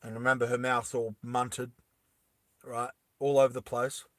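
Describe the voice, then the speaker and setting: A man casually retelling a film, animated and making sound effects. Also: medium pitch, moderate pace, dry recording, studio quality. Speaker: storyteller.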